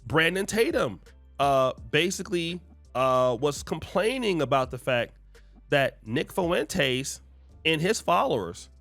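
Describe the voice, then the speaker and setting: A man hosting a commentary video, talking in a conversational, animated way with many fillers. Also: a little high, takes it slowly, gravelly, dry recording, soft background music. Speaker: commentary host. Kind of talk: commentary on online feuds.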